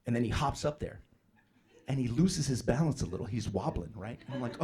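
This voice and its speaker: A man doing a stand-up comedy set, telling a profane story with sudden loud outbursts. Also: mid-range voice, fairly quick. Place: comedy club stage with a live audience. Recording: live club with loud crowd laughter. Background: audience laughter.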